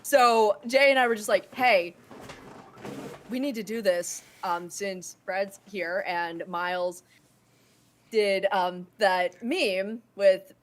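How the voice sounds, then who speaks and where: A woman co-hosting a podcast tells a story in casual chat, acting out the quotes and breaking into bursts of laughter. Her voice is medium-pitched and her pace slow.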